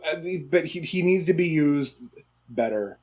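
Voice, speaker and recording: A man co-hosting a podcast in earnest, hesitant chat with many fillers. His voice sits a bit high, and the recording sounds slightly dull. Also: expressive, normal speed, a little mellow. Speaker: podcast co-host. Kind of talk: casual chat.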